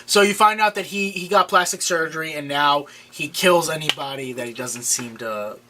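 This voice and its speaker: A man co-hosting a casual TV recap, retelling plot in halting, rambling bursts. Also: a little high, bright, forceful tone, a little hiss or hum. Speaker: podcast co-host.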